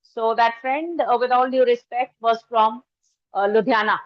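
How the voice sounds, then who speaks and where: High-voiced Indian English woman lecturing. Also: steady tone, unhurried, no echo. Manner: conversational, anecdotal, switches into Hindi. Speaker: workshop resource person. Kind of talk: lecture to faculty. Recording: dull lo-fi dry sound.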